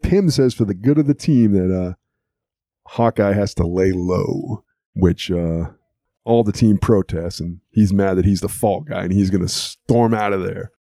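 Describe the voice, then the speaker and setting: In a casual chat, a man co-hosting an audio podcast recaps a cartoon episode, chatty and amused and laughing often. His deep, mellow voice is a little slow, captured in a dry recording with clean studio sound.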